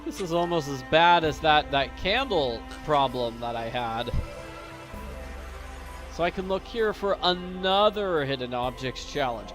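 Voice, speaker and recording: A man giving live, joking commentary as he plays a puzzle game, thinking aloud and getting excited. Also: mid-range voice, measured pace. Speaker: gameplay commentator. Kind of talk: live let's-play commentary. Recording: commentary over game music.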